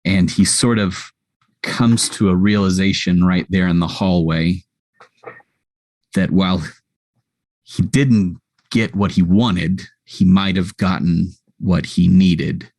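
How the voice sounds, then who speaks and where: A man describing his character in a tabletop game, with a very deep, gravelly voice. He talks slowly and flatly and pauses with ums. The sound is dry and close. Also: no room sound. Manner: hesitant, with many ums. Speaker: player.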